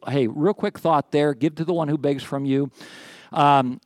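A man's voice: fairly high pitch, fairly even intonation, a little slow, no echo. A man preaching a sermon as a pastor, reading scripture and breaking off into folksy, joking asides with frequent restarts, a little out of breath.

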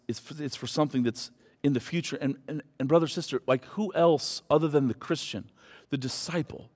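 A man preaching a sermon as pastor, earnest, swinging from hushed lines to loud rises. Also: medium pitch, long reverb tail.

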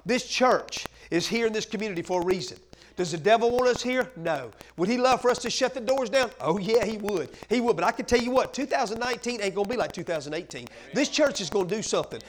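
A man's voice: very high voice, poor audio. A man pastor preaching a sermon in a church, impassioned and driving his points home with emphatic repetition.

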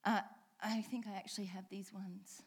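A woman's voice: mid-range voice, fairly even intonation, normal speed, breathy edge. A woman preaching a sermon, reading scripture aloud and repeating key lines with changing emphasis, asking the congregation direct questions.

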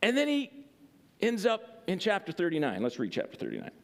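A man's voice: high-pitched, huge pitch swings, fairly quick. A man preaching a sermon in a casual, conversational way, full of fillers and frequent "right?" checks. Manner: conversational, filler-heavy, keeps asking "right?". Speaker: pastor.

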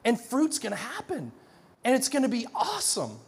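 A middle-aged man preaches in a loose, conversational way, restarting phrases and acting out little scenes. His voice sits high for a man. The sound rings with the long reverb of a large church hall. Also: normal speed, breathy edge. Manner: animated, conversational, many restarts, acts out dialogue. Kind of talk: sermon.

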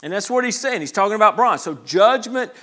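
A man with a high, expressive voice and a sharp tone preaches a sermon as a pastor at a fairly quick pace. His delivery is conversational, full of restarts and repeated words, and he asks the congregation to respond.

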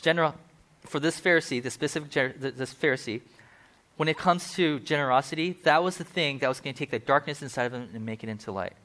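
Man, pastor, casual sermon, chatty asides, middle pitch. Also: fast talker, pushed and bright. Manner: chatty, with asides and acted-out quotes. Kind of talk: conversational sermon.

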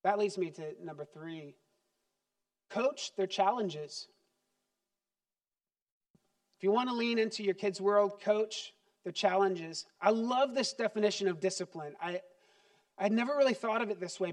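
High-voiced animated male preacher. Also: measured pace, long pauses. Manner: animated, acts out parent and child voices. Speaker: pastor. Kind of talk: sermon.

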